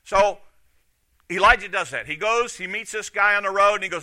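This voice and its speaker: Middle-aged guy preaching, animated storyteller, higher voice, really bright and sharp. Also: brisk. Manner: animated, acts out quoted lines. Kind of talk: sermon storytelling.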